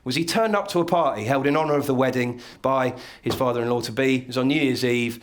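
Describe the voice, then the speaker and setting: A man's voice: mid-range voice, fast. Male comic, dry lecture-style stand-up, live room. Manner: dry, wry storytelling with chuckles. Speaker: stand-up comedian. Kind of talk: comedy lecture. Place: live comedy venue with an audience.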